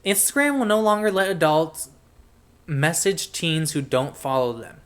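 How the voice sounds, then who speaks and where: A man's voice: fairly high pitch, expressive, measured pace, fairly bright tone, clear, resonant tone. A young man hosting a podcast, chatting casually about pop culture, rambling and getting sidetracked while he reads things out. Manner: rambling, easily sidetracked, mumbles while reading. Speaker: podcast host.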